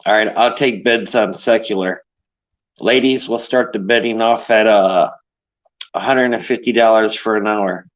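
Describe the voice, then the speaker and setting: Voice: mid-range voice, steady tone, moderate pace. Jokey stream guest chiming in, kinda dull lo-fi audio. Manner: joking, teasing. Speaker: livestream panelist. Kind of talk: casual livestream chat.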